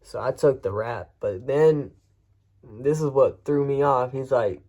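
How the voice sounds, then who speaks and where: A man's voice: medium pitch, a little slow, dark tone. A man vlogger telling a personal story in a frank, rambling way with frequent restarts. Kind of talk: casual first-person storytelling.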